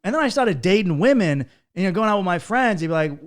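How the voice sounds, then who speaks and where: A man, a comedian guest on a podcast, telling quick comic anecdotes and acting out the dialogue. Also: sits high, expressive. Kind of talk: casual chat, comic storytelling.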